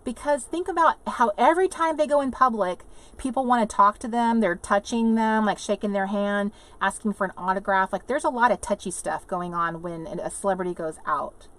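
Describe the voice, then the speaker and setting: A woman's voice: mid-range voice, fairly quick, fairly bright tone. A woman hosting a casual livestream from inside an RV, rambling chattily, laughing often and reading viewer comments aloud. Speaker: livestream host. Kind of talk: casual live chat with viewers.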